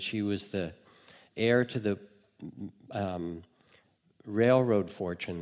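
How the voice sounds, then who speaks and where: A man giving a dharma talk as a meditation teacher, telling stories gently with light humor. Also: low voice, long reverb tail, lo-fi sound.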